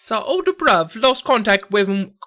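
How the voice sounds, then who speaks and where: A streamer voicing a rough male thief from a video game, pushing up into a higher, louder put-on while stumbling over the dialect. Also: very animated. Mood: boastful. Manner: halting, stumbling through dialect lines. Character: rough cockney-style male thief, one of brothers.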